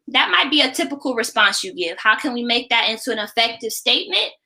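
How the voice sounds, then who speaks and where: A woman teacher talks through a classroom-management method in an instructional video. Her voice is bright and crisp, and her tone stays explanatory. She keeps pulling the listener in with frequent tag questions. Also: a little high, animated, a little fast, hardly any pauses, low-quality recording. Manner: explanatory, often checks in with a tag question "right?". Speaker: teacher and education creator.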